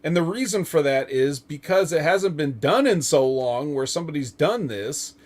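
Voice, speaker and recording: Rambling man with a higher voice. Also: lively intonation, moderate pace, a little mellow. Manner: rambling, filler-heavy, chuckles often. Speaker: podcast host. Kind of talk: casual wrestling chat.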